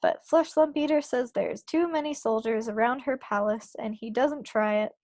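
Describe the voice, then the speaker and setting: Woman reading a soft-hearted big giant, garbled grammar, slightly high, gravelly, dry sound. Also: normal speed, no room sound, lightly acted. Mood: matter-of-fact. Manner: ungrammatical speech full of made-up words. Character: big gentle male giant, sad and kindly. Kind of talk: reading a children's book aloud.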